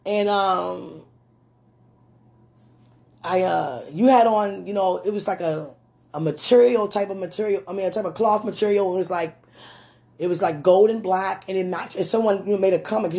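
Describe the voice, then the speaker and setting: A woman rambling through a personal message to a man, gushing and giggling often, with a slight lingering throat-clearing. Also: medium pitch, moderate pace, a little mellow. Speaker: admirer speaking to a man on video.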